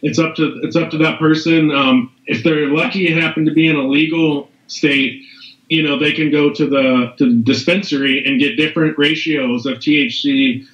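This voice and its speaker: A man's voice: on the high side, fairly even intonation, moderate pace, fairly bright tone. A middle-aged man, a podcast guest, talking casually in a rambling way, with lots of fillers and restarts. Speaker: guest, CBD business owner. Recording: echoey, dull lo-fi room sound.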